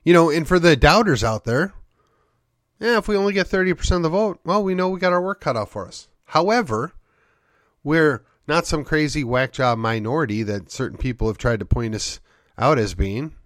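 A man's voice: a little high, lively intonation, moderate pace, a bit bright, no echo, clean studio sound. A man hosting a show, delivering an opinionated monologue full of rhetorical questions and needling sarcasm. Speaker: podcast host.

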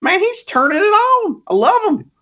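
A man's voice: very high voice, very animated, normal speed, bright, forceful tone, muffled recording, pitched above the performer's own voice, exaggerated voice. A man putting on the voice of a cocky young male pro wrestler, swaggering and jokey, with a put-on Southern US drawl. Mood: boastful.

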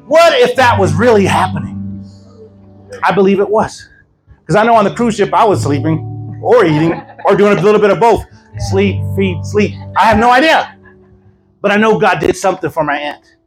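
A man preaching a sermon as an evangelist at a church service, telling stories in a lively, joking way. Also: high-pitched, moderate pace, faint music behind, low-quality recording. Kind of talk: sermon with storytelling.

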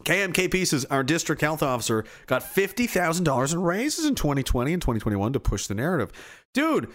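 A man from Atlantic Canada, hosting a livestream and reading chat messages. He rants with plenty of swearing, swinging between near shouting and low muttering. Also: big pitch swings, fast talker. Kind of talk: angry ranting livestream talk.

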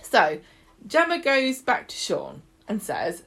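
A woman co-hosting a podcast, recapping a soap in casual chat, animated and laughing often as she acts out the characters' lines. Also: mid-range voice, slow pace, creaky. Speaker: podcast co-host.

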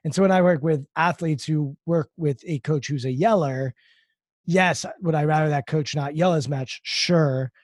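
A man's voice: fairly high pitch, moderate pace, dry recording, studio quality. A man hosting an interview, thoughtful and searching for words as he asks questions, who works with athletes. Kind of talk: interview conversation.

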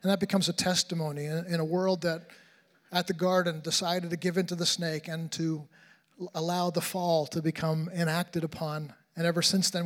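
Conference preacher, male, slightly high voice, impassioned sermon with repeated words. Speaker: conference speaker.

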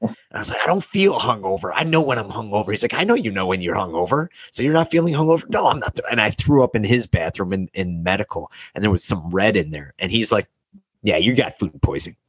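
A man's voice: on the low side, expressive, fast, a bit bright, breathy edge, dry recording. A young man telling a rambling, profane story in casual chat, acting out the people he quotes.

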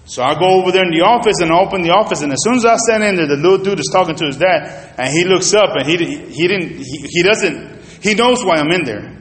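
A man preaching a sermon, telling a personal story in an animated way and talking straight to the congregation. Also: high voice, quick pace. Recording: reverberant hall.

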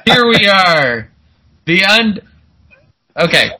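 A man's voice: high voice, big pitch swings, takes it slowly, pushed and bright, rough recording. A man co-hosting a podcast, recapping a movie in casual chat, laughing and acting out characters' lines. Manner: laid-back, laughing, acts out characters in quotes. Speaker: podcast co-host.

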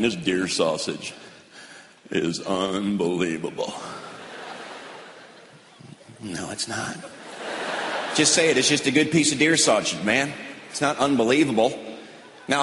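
A middle-aged man doing stand-up comedy on stage with a deadpan drawl, now and then slipping into mocking voices. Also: medium pitch, a little hiss or hum. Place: large hall on stage. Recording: roomy, long hall reverb, audience ambience.

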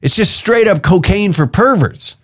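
Brash man, slightly high voice, profane rambling podcast monologue. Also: lively intonation, normal speed, fairly bright tone. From Canada. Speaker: podcast host. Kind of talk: crude comedic monologue. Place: podcast studio.

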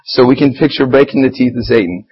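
In lo-fi audio, a male lay preacher speaks fast at a medium pitch with a breathy edge. His sermon is casual and conversational, mixing in scripture readings, and he gets animated and heated as he talks about battling Satan.

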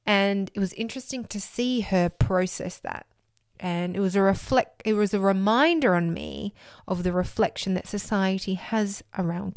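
Slow, earnest woman telling her story. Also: medium pitch, no echo, clean studio sound. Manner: earnest, reflective, laughs between thoughts. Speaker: podcast host. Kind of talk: personal storytelling monologue.

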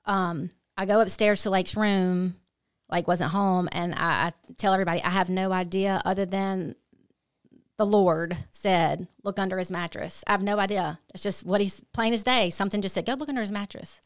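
A middle-aged woman telling a hard family story as a podcast guest, earnest and halting, often restarting her sentences. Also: medium pitch, fairly even intonation, clear, resonant tone, no echo, clean studio sound. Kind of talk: candid personal storytelling.

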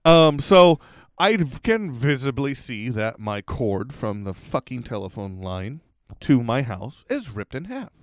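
A man telling a story in casual chat as a podcast co-host, animated and heavy on swearing. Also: medium pitch, unhurried, no echo, studio quality.

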